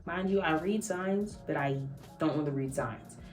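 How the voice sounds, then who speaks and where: A woman's voice: low-pitched, normal speed, darkish tone, faint music behind. A young woman vlogger telling a casual story, acting out quotes and laughing often. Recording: echoey room, mic at a distance.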